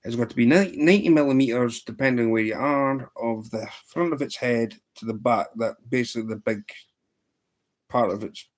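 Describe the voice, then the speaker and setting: A man's voice: mid-range voice, normal speed. Chatty man hosting a fly-tying livestream. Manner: chatty, answers viewer questions and tells jokes. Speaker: livestream host. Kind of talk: casual livestream chat while fly tying. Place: indoors at a tying bench.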